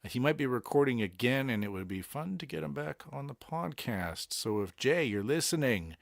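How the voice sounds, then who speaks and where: A man's voice: medium pitch, animated, moderate pace, gravelly, hardly any pauses, no room sound, studio quality. A man from Boston with a Boston accent, hosting a casual solo podcast and chatting about songs in a rambling way, with many fillers. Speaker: podcast host. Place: Tokyo.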